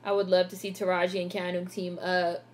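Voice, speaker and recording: A young woman vlogger giving a casual live movie reaction, excitable and swearing freely as she narrates what happens on screen. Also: lowish voice, brisk.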